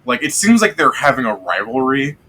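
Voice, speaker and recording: A man's voice: medium pitch, very animated, brisk, crowd noise, low-quality recording. A man narrating as game master, casual and rambling, swearing freely. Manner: rambling, profane and loose.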